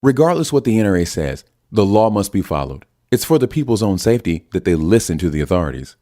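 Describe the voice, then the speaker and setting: Narrator as a flat firm lawyer guy, low dark voice. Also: fast. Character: dry male lawyer pundit.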